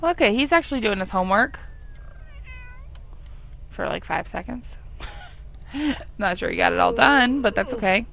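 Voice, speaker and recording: Young woman, gravelly tone, chatty let's play commentator who talks to her characters and giggles a lot. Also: on the high side, animated, normal speed, long pauses, fairly bright tone. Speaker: gameplay commentator.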